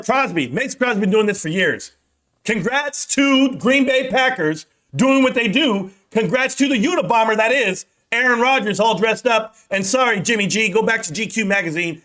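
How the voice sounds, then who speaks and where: A young man with a notably high-pitched voice delivers an unscripted football rant. He is brash and mocking, tossing out "guys" and "bro" as he riffs straight to his viewers. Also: fairly bright tone. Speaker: sports vlogger.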